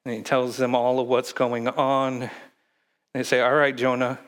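A man's voice: mid-range voice, little pitch movement. A man preaching a sermon in a conversational way, asking the congregation questions and acting out quotes, with frequent restarts. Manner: halting, with restarts and fillers. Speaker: pastor.

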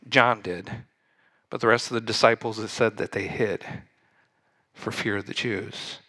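A man preaching a sermon, retelling a Bible story with lively energy and asking the congregation questions directly. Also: medium pitch, no room sound. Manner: animated, speaks straight to the congregation.

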